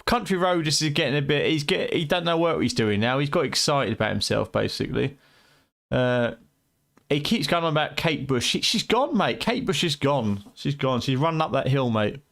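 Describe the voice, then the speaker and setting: A man's voice: mid-range voice, expressive, moderate pace, creaky, a bit bright. A man with a British accent chatting and joking with viewers during a late-night game stream, his voice tired and going, teasing and swearing freely. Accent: British English. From United Kingdom.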